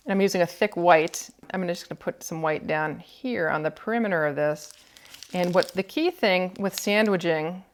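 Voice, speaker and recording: A woman teaching cookie decorating, calmly explaining each step while she works. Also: fairly low pitch. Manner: calm, explanatory, thinking aloud while working. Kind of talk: step-by-step demonstration.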